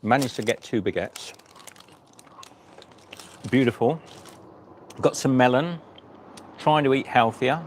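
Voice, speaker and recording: A man's voice: medium pitch, slow, pauses often, a little hiss or hum. A man, a cycle-touring vlogger, chatting jokily on a phone live stream at an outdoor rest stop. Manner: chatty, jokey, rambling with restarts. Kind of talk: casual live-stream chat. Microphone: phone held by the speaker.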